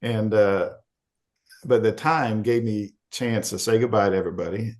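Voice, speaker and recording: Speaking at a normal speed in a fairly low, darkish voice, a middle-aged Arkansas man guests on a podcast. He shares a frank story, performing the voices of the people he quotes.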